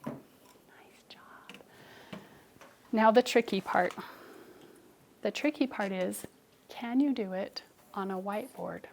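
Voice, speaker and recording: A woman's voice: medium pitch, a little slow, creaky, long pauses, slight background noise. A young adult woman teacher leading a phonics lesson with children, coaching them and adding asides to other teachers. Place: classroom. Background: children in class.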